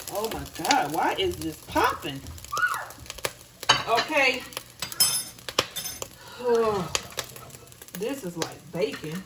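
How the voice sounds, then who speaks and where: A woman's voice: mid-range voice, big pitch swings, slow pace, creaky, pauses often, reverberant, far from the mic. A woman and mother talking casually while cooking in her home kitchen, chatty and apologetic, laughing at her own kitchen mistakes. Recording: voice a little off-mic, noisy kitchen. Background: sizzling frying pan and clicks.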